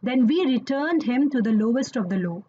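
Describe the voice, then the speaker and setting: A woman's voice: fairly high pitch, lively intonation, moderate pace, mellow, highs cut off, a little hiss or hum. A woman teaching Quranic Arabic grammar in an online lesson, explaining patiently and checking in with listeners as she goes.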